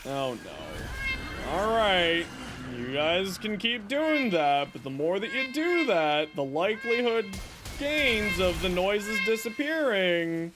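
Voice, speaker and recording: Lively, chatty male streamer. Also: high voice, slow, music in the background. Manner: chatty, joking, talks to chat and his cat. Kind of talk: casual livestream chat while gaming.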